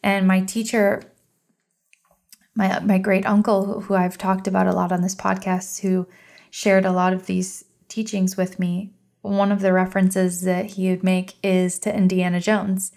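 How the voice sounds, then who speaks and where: A woman's voice: mid-range voice, little pitch movement, unhurried, creaky, darkish tone. A woman in her thirties hosting a solo podcast, talking earnestly and encouragingly about trust and surrender. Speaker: podcast host.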